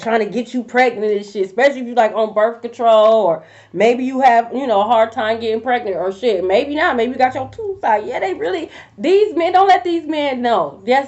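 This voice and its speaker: High-voiced woman tarot reader, blunt and profane, lots of slang, dull lo-fi recording. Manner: blunt, profane, animated slang-heavy delivery. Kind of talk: casual tarot reading to camera.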